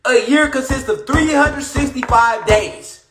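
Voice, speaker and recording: A man delivering a rambling, preachy comedic monologue, repeating himself and swearing often, getting louder as he goes. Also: very high voice, measured pace, echoey room, soft background music. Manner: preachy, repetitive, profane, rising to shouts. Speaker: comedic conspiracy monologue performer.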